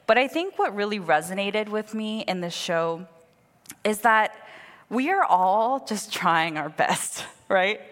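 A woman in her thirties giving a sermon, praying and then telling candid, animated stories in a conversational way. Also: mid-range voice. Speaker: preacher. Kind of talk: sermon with opening prayer. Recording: long hall reverb.

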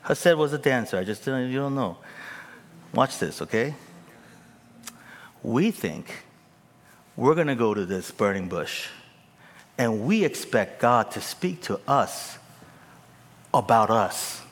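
Animated man preaching a sermon. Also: medium pitch, slow, long pauses, in a large hall. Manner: animated, acts out scenes, swings from whispers to shouts. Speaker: pastor.

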